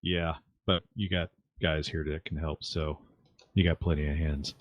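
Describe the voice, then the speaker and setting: A man's voice: a bass voice, flat delivery, moderate pace, dry recording. A man running a tabletop game as game master, thinking aloud with fillers and wry asides. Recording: dull lo-fi dry mic.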